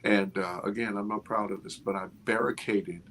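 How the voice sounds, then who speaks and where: A man over fifty, an interview guest, telling a story with expressive, restarting speech. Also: fairly low pitch, moderate pace, a little hiss or hum. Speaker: interview guest, film producer. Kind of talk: animated storytelling in a casual interview.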